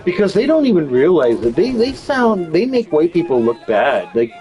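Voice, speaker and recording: A man's voice: on the high side, sing-song, normal speed, dark tone, soft background music, poor audio. A man chatting casually while he plays a game, rambling, swearing often and restarting his sentences. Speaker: gaming channel host.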